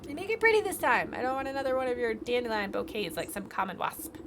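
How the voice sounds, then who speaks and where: A woman voicing a haughty female queen bee tyrant, shrill and imperious, while streaming a video game. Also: very animated, fast, noisy background.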